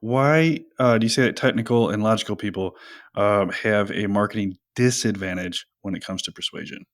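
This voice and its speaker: A man's voice: fairly low pitch, normal speed. A man hosting a podcast interview, mostly listening with brief affirmations and asking questions. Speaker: podcast host.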